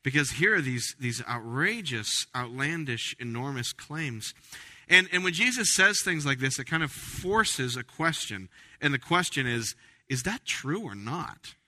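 A man's voice: mid-range voice, lively intonation, measured pace, pushed and bright. Pastor guy preaching, punchy and emphatic, lots of restarts, big echoey church. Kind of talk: sermon. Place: church sanctuary. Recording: reverberant church hall.

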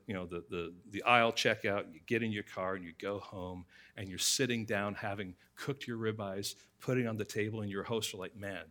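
A man's voice: on the low side, pushed and bright. A man preaching a sermon, speaking directly to the congregation and telling everyday stories to illustrate scripture. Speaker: pastor.

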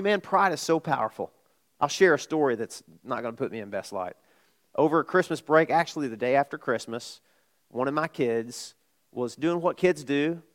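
A middle-aged man preaching a sermon, telling a personal story in a conversational way, jumping from loud asides to hushed admissions. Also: mid-range voice. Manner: conversational, with restarts and sudden swings from loud to hushed. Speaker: pastor.

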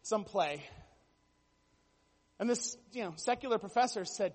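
A man's voice: high voice, very animated, brisk, slightly rough, big-room sound. A man preaching a sermon, telling stories with jokey asides and building to emphatic bursts. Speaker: pastor.

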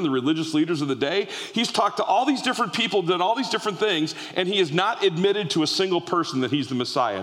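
A male preacher tells a story in an animated sermon, often restarting his phrases. His voice sits fairly high for a man. A long reverb tail from a large hall follows his words.

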